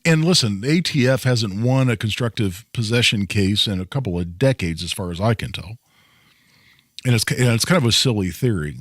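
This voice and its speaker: A man's voice: fairly low pitch, no room sound, studio quality. A man hosting a call-in radio show about gun law, explaining points in a conversational way and often restarting phrases. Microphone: studio microphone.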